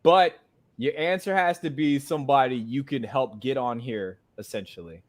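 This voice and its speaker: A man's voice: medium pitch, moderate pace. A man hosting a podcast, chatting casually with a friend, joking and using slang. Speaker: podcast host. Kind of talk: casual chat.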